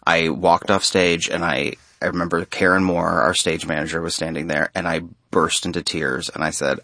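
Deep-voiced man telling a backstage story. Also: moderate pace, hardly any pauses, no echo, clean studio sound. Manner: animated storyteller with frequent restarts. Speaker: interview guest, stage actor. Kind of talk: conversational radio interview.

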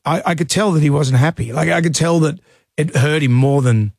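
Male radio host, fairly high voice, sympathetic chatty storyteller, dry studio sound. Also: a little fast, darkish tone, no echo. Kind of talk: radio talk show chat.

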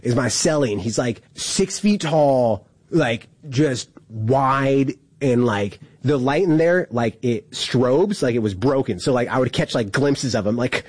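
Husky man telling a lively story. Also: mid-range voice, a little slow, few pauses, no echo. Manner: animated, filler-heavy, laughs often. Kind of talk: casual storytelling.

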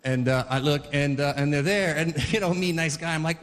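A man's voice: fairly high pitch, fairly quick, in a large hall. A man in his forties doing a stand-up comedy routine, rambling through stories with many fillers and acting out the characters in them.

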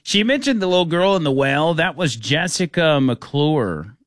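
A man's voice: fairly high pitch, very animated, measured pace, a bit bright, no room sound, studio quality. A man hosting a live radio talk show, reading ads and taking calls in an easygoing, folksy way.

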